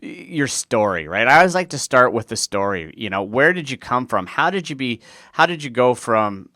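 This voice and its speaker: A man's voice: mid-range voice, big pitch swings, normal speed, pushed and bright, no echo. A man hosting a podcast interview, upbeat and enthusiastic, speaking into a close studio mic. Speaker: podcast host.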